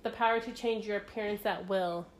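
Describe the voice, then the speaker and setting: A woman's voice: medium pitch, fairly even intonation, a little fast. A young woman co-hosting a casual podcast, reading quiz questions aloud with playful, giggly asides. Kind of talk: casual chat.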